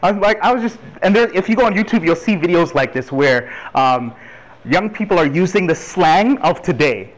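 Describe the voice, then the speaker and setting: A man in his thirties from Toronto gives a lively, chatty church talk on urban ministry and laughs along with the congregation. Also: high-pitched, moderate pace, rough recording. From Toronto, Canada. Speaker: guest speaker on urban ministry.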